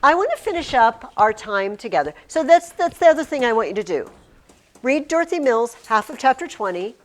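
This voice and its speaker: An animated woman teaching a class, her voice sitting a little high and swinging widely in pitch. She talks emphatically, often restarting words as she presses her point. The sound is from a recording device in a curtained classroom. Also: a little fast. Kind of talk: classroom lesson.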